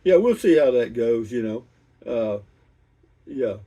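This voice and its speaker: Older man, drawl, mellow voice, rambling casual chat, heard from a little way off the mic. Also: mid-range voice, animated, distant mic. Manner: unhurried, rambling, with many restarts. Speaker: vlogger reading viewer comments.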